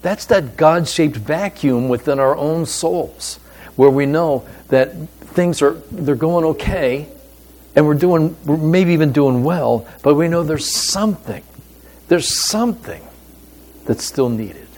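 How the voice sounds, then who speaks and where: A man's voice: a little high, darkish tone. Emphatic male pastor preaching. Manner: deliberate, emphatic delivery with pauses. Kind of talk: sermon.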